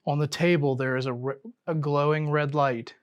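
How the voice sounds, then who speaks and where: A man leading a ghost hunt, asking unseen spirits slow, coaxing questions and dropping to a whisper now and then. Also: a little high, fairly even intonation, clean tone, highs cut off. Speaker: paranormal investigator. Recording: noisy night recording.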